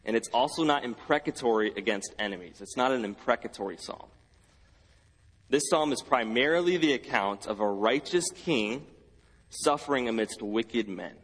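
Husky-voiced pastor preaching in a hall. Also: male voice, medium pitch, animated, moderate pace, fairly bright tone. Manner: earnest, repeats key phrases for emphasis. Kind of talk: sermon. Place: church sanctuary.

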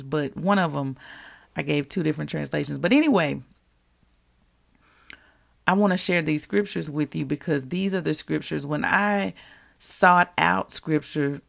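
A woman hosting a podcast, giving a casual, preacherly faith devotional in an animated, folksy way. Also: deep voice, vocal fry. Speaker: podcast host.

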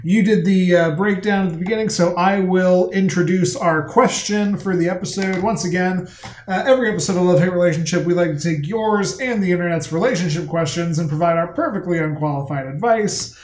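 A man's voice: high-pitched, brisk, echoey room. A man co-hosting a podcast, talking in a chatty, rambling and sometimes profane way. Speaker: podcast co-host. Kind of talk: casual chat.

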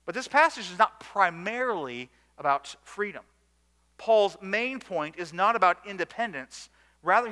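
Guy preaching in church, high bright voice, big hall echo, earnest, swings loud then quiet. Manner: earnest, rising to emphatic bursts then dropping low. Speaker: pastor. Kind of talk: sermon.

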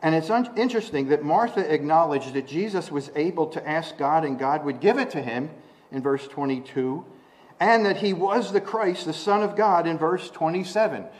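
A man preaching a conversational sermon, asking rhetorical questions and restarting often, rising in pitch and volume when he quotes scripture. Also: normal speed.

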